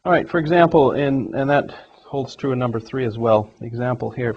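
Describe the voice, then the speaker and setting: Male English teacher, steady explanatory delivery, middle pitch, dull lo-fi recording. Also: brisk, slight background noise. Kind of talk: grammar lesson.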